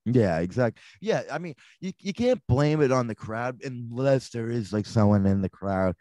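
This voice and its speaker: A young man from the area, hosting a podcast in a relaxed, halting way. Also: medium pitch, no echo. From Boston area. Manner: relaxed, halting, filler-heavy. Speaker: podcast host. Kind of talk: casual podcast chat.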